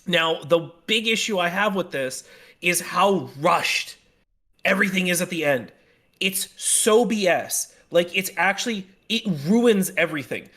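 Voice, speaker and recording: A high-pitched man rants through a casual podcast chat about comics. He swears freely and his delivery lurches between fast bursts and slow, stressed words. His voice jumps up sharply when he gets worked up. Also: animated. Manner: heated ranting, swears, swings in loudness and speed. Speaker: podcast co-host.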